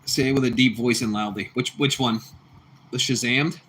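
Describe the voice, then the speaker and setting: A man chatting on a casual livestream with a bright, forceful voice. He talks in loose, repetitive bursts and laughs easily. He calls his viewers bro and bucko. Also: mid-range voice, fairly even intonation, normal speed, slight background noise. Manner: laughs a lot. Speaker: livestream host reading chat.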